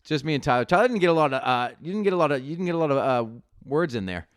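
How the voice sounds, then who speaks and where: A man's voice: a little high, lively intonation, smooth, no room sound, studio quality. A man hosting a casual podcast over a video call, loose and rambling. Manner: loose, rambling, quick to laugh. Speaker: podcast host. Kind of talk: casual chat.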